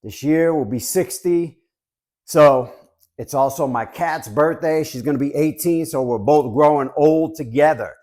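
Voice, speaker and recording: A man's voice: fairly high pitch, unhurried, darkish tone. A man in his fifties from Southern California, chatting casually and joking as he reviews collectibles for his viewers. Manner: chatty, joking, repeats "guys". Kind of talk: casual chat to camera.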